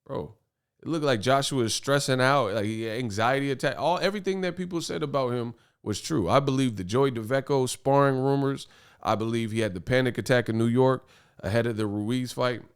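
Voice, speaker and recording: A man's voice: medium pitch, fairly quick, smooth. A man hosting a boxing commentary vlog, talking in an emphatic, rambling way and repeating his punchlines. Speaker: boxing commentary channel host.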